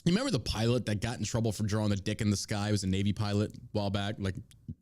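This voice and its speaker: A man's voice: lowish voice, very fast, a little mellow. A man hosting a crude comedy podcast, swearing often, mocking the news and dropping into silly put-on voices. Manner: profane, mocking, slips into put-on accents for jokes. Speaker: podcast host.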